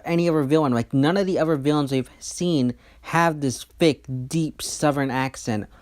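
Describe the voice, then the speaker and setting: A YouTube host talks casually through a TV trailer, giving opinions and predictions. The delivery is chatty and a bit halting, with frequent restarts and self-corrections. The voice sits in a middle pitch. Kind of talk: casual trailer breakdown commentary.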